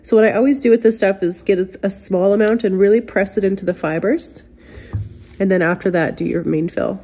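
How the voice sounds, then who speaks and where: A woman's voice: medium pitch, steady tone, a little fast, mellow, breathy edge. A woman with a cold and a nasal voice, casually explaining a furniture repair step by step as she works in a workshop. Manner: chatty, explains step by step to viewers. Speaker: furniture restorer. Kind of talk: casual how-to demonstration.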